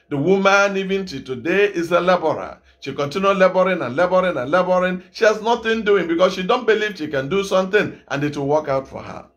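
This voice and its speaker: A middle-aged Nigerian evangelist preaching a sermon, repeating phrases and asking the congregation rhetorical questions. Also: male voice, high voice, a bit bright, lo-fi sound. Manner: repetitive exhortation, rhetorical questions.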